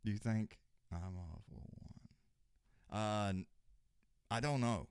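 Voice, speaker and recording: Older guy on a stream, low voice, swears a lot, keeps restarting sentences, dry close sound. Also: takes it slowly, clean tone, dry recording. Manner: rambling, profane, repeats and restarts often. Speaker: host of a live fight companion stream. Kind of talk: casual live-stream chat.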